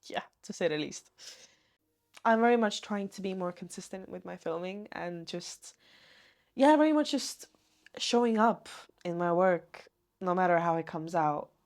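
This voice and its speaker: A woman talking to camera in a personal vlog, gentle and earnest, with meandering sentences. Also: on the low side, lively intonation, unhurried, pauses often. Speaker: vlogger.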